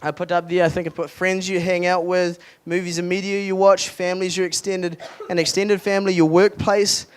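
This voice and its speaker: A man's voice: high-pitched, level tone, fairly quick, few pauses, smooth. A young adult man, a youth pastor, giving a casual, earnest sermon at a retreat with lots of restarts and fillers.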